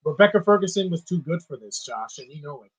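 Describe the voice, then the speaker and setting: A man's voice: on the high side, lively intonation, fast, husky, poor audio. A man giving casual live commentary on a movie, opinionated and ranting about what he dislikes. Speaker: film commentator.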